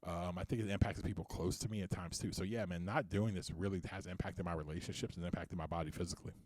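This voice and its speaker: Speaking fast in a low, steady, somewhat dark voice, a man who is both a CEO and a podcast co-host holds a frank, passionate conversation. His voice lifts when he gets fired up, and there's no echo.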